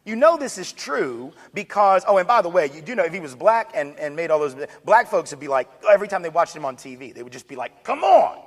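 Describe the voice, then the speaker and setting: A man giving an energetic public lecture with joking asides. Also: on the high side, fast, hardly any pauses. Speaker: speaker on diversity. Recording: long hall reverb.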